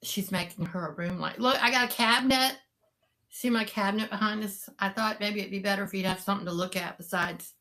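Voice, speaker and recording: A woman's voice: mid-range voice, brisk, bright, forceful tone. A middle-aged woman, chatting casually and rambling to live viewers, greeting them by name. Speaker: live-sale seller and vlogger.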